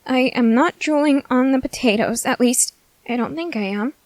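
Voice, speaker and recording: A woman's voice: high-pitched, normal speed, no room sound, lightly acted. A woman voicing a food-obsessed teenage soldier girl in an ASMR audio drama, whiny and melodramatic. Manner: whiny, melodramatic, easily sidetracked.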